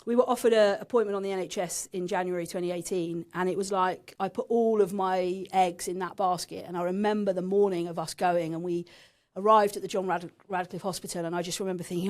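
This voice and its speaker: A woman's voice: fairly low pitch, fairly even intonation, fairly quick, darkish tone. A woman in her thirties from England, a podcast guest frankly telling a painful personal story and swearing now and then.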